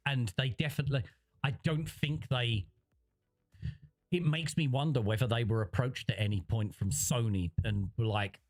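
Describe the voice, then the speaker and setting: A man's voice: mid-range voice, steady tone, normal speed. A man rambling through livestream commentary, reading chat and restarting his sentences often. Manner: rambling, conversational, frequent restarts.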